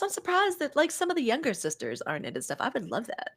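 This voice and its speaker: A woman's voice: high voice, wildly swooping pitch, fast talker, fairly bright tone, breathy edge. Woman co-host, middle-aged, easygoing chat with plenty of laughter. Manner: chatty, laughs often, uses "girl" and "y'all". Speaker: podcast co-host. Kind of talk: casual chat.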